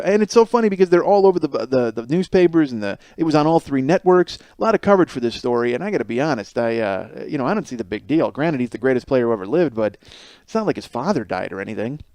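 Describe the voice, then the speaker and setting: A man's voice: mid-range voice, lively intonation, fast, a little mellow, no echo. A man in his forties hosting a comedic podcast, rambling, swearing and mocking himself. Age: 40s. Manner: rambling, profane, self-mocking. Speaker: podcast host. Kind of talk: solo comedic podcast monologue.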